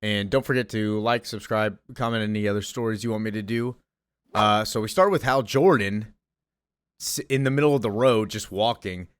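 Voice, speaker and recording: A man's voice: lowish voice, normal speed, smooth, dry recording. A man hosting a casual comic book recap in a chatty way, with lots of fillers. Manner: chatty, full of fillers and laughs.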